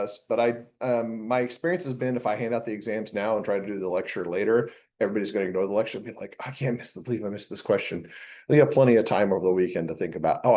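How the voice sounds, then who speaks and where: A man's voice: on the low side, a little mellow, highs cut off. A man teaching a university accounting class in a classroom, chatty and joking, with many asides before he gets to the material. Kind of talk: classroom lecture. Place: lecture classroom.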